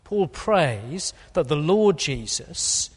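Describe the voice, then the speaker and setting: A man's voice: fairly high pitch, big pitch swings, extremely slow, husky. A man preaching an earnest expository sermon, with a few fillers. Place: church. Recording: long hall reverb.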